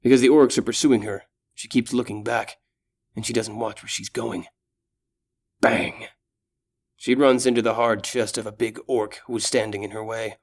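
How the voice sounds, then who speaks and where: A man's voice: lowish voice, fairly even intonation, normal speed. Man narrating a fantasy audiobook.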